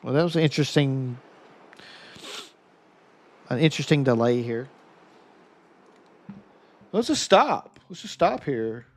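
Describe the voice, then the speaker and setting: A man's voice: medium pitch, moderate pace, pauses often, a little mellow. Chatty male game streamer. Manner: chatty, talks to viewers by name. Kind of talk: casual live gameplay commentary.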